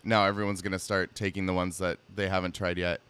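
A man chatting as a podcast guest, self-mocking and quick to laugh. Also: low-pitched, little pitch movement, a bit bright, smooth. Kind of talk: casual chat. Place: bar.

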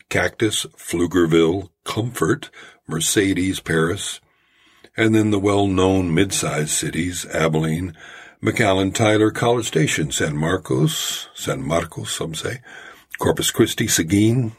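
A man hosting his own storytelling podcast, talking in a measured, folksy way. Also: low voice, slightly rough. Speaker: podcast host. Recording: home-made podcast audio.

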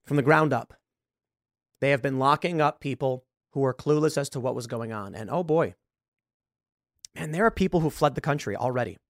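In clean, echo-free studio sound, a show host speaks at medium pitch and normal speed, pausing often. His podcast monologue is a long story in which he acts out the dialogue.

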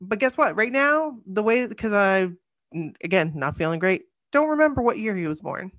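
A woman's voice: mid-range voice, lively intonation, normal speed, a bit bright, no echo. A woman co-hosting a podcast in casual chat, tired and rambling, correcting herself as she goes. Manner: chatty, rambling, self-correcting. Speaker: podcast co-host.

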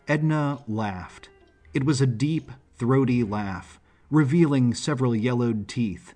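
Husky male audiobook narrator. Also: mid-range voice, faint music behind. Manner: measured, even storytelling.

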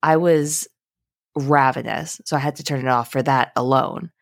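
A young woman co-hosting a podcast, chatting casually and telling animated stories about her day. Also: a bass voice, normal speed, gravelly, no room sound, studio quality. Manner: chatty, animated storytelling with frequent laughs. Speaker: podcast co-host. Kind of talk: casual chat.

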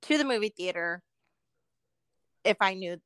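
A woman's voice: mid-range voice, animated, fairly bright tone, clean tone, no echo. A woman co-hosting a casual podcast chat, often laughing as she rants. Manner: slow, laughing, playful ranting. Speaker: podcast co-host.

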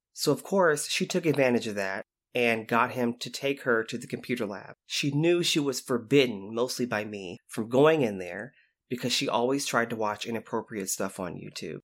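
A man telling lively stories about his time as a youth intervention specialist, acting out the voices of the people in them. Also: medium pitch. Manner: animated, acts out quoted voices. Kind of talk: storytelling anecdote.

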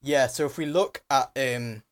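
A man's voice: mid-range voice, a little slow. A young man hosting a youth radio show, chatting casually and reading out statistics. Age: young adult. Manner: laid-back, chatty, reads out stats. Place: radio studio.

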